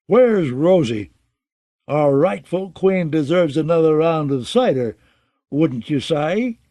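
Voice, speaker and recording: A man voicing a loud, rowdy young male scholar who drinks, speaking slowly and boisterously in an audiobook. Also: fairly high pitch, lively intonation, dry recording.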